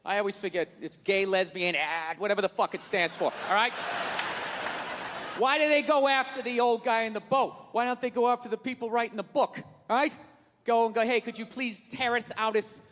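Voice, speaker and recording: A man's voice: extremely high pitch, a bit bright. Man, stand-up comedian, profane ranting, live venue with reverb and background noise. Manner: ranting, profane, mocking put-on voices. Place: comedy stage before a live audience.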